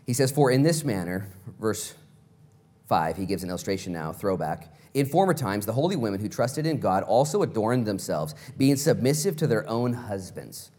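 A man preaching a sermon, animated and playful, telling stories in acted voices and asking the congregation direct questions. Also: medium pitch. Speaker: pastor.

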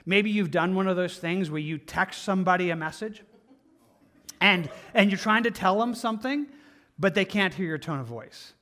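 A man with a high voice delivering a sermon as a pastor. He talks earnestly and conversationally, repeating himself for emphasis and slipping in casual asides. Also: normal speed, sharp tone.

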